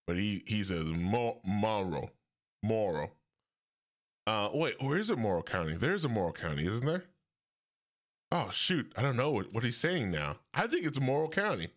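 A man's voice: mid-range voice, very animated, moderate pace. A man from hosting a casual solo podcast, rambling and correcting himself, with frequent chuckles. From Ohio. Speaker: podcast host.

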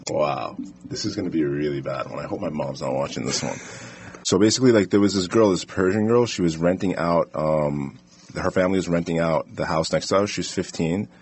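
A man's voice: low voice, brisk, darkish tone, husky. A young man joking, laughing and swearing through a dare game with his friends.

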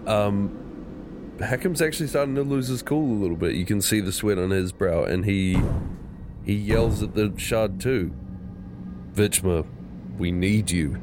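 A man's voice: fairly low pitch, moderate pace, noisy background. A man playing a tabletop game, asking hesitant questions in casual chat. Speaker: player. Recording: music playing underneath.

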